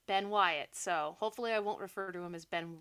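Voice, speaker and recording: A woman's voice: fairly low pitch, a little fast, a bit bright, smooth. A young woman co-hosting a podcast, animatedly recapping a movie with sarcastic asides and frequent laughs. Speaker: podcast co-host. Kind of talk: casual movie recap chat.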